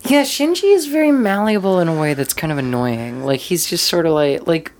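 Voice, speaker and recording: A woman chatting casually with a friend about a cartoon, excitable and swearing freely. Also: lowish voice, brisk. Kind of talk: casual chat.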